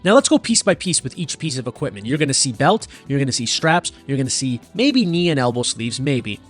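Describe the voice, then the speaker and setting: A man's voice: mid-range voice, big pitch swings, brisk, soft background music. A strength coach hosting his own show, ranting bluntly and profanely and firing off rhetorical questions. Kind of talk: solo rant to camera.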